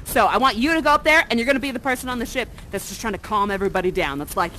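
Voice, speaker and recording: A woman's voice: fairly high pitch, animated, fast, hardly any pauses, pushed and bright, a little hiss or hum, low-quality recording. A woman actor guiding an audience through an interactive performance, talking in a playful, silly and theatrically dramatic way into a headset mic.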